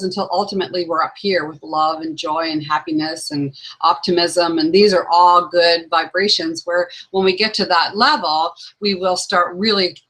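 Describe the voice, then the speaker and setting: A woman's voice: medium pitch, a bit bright, poor audio. A woman hosting an online talk show as a law of attraction trainer, speaking in an earnest, heartfelt way and reading quotes aloud. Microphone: webcam video call setup.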